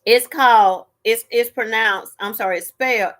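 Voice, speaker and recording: A chatty woman hosts a relaxed live stream. Her voice sits a bit high, and she greets viewers one by one in a loose, homey way. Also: moderate pace, few pauses. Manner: chatty, greets viewers by name, Southern US phrasing. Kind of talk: casual live stream chat.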